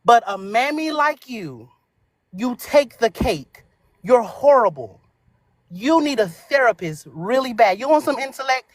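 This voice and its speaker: A woman on a live audio panel debate, taunting and hurling slow, drawn-out insults. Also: fairly high pitch, expressive, dry recording. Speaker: panel speaker.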